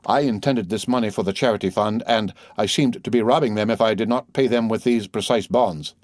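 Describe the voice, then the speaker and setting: A man's voice: on the low side, fairly quick, darkish tone, dry recording, clean studio sound, natural voice. A man voicing a proud, boastful banker in an audiobook reading, talking with nervous self-importance. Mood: flustered. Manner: boastful, then flustered.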